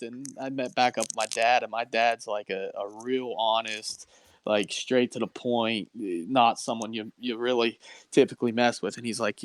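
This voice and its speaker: A man telling a fishing story in a relaxed, casual chat, laughing along as he goes. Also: medium pitch, moderate pace, dry recording. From Pennsylvania. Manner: laid-back, swears, laughs at his own story. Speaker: podcast guest. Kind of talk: casual storytelling around a fire.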